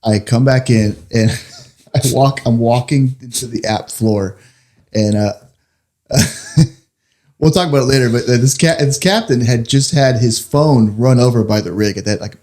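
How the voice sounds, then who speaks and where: A man's voice: mid-range voice, measured pace, darkish tone. A man hosting a casual podcast chat, joking and laughing with his guest. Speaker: podcast host, firefighter.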